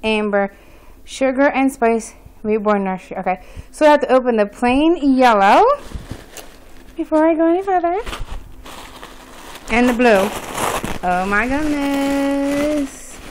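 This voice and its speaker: A woman filming an unboxing vlog, talking in a nervous, excited and gushing way. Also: on the high side, moderate pace, pauses often, a little hiss or hum, low-quality recording. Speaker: vlogger. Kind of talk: unboxing vlog, casual chat.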